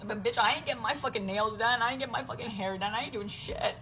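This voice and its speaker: A woman's voice: a little high, fast, pushed and bright. Woman, working mother, raw profane rant to camera; emotional, slips into whispers, noisy recording. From United States.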